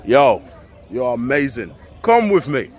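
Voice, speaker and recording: A man excitedly showing off cars at an outdoor car meet, talking to the camera. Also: medium pitch, unhurried, some chatter behind. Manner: playful, exclaiming, talking to the camera. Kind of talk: excited walk-around vlog.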